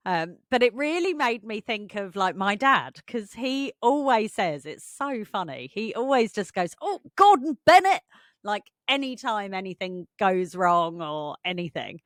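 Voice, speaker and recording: A woman's voice: medium pitch, expressive, measured pace, hardly any pauses, fairly bright tone, dry recording, clean studio sound. A woman co-hosting a podcast, chatting casually and laughing often as she tells stories. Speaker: podcast co-host. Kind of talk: casual chat.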